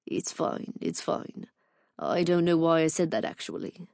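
A woman voicing a quiet, restrained young British rich man who speaks low, clipped and near a whisper. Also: expressive, a little fast, creaky, dry recording, clean studio sound. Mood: hushed.

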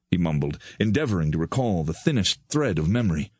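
A man narrating an audiobook in an even, measured storytelling manner. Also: deep voice, breathy edge, no room sound, studio quality. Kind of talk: scripted narration.

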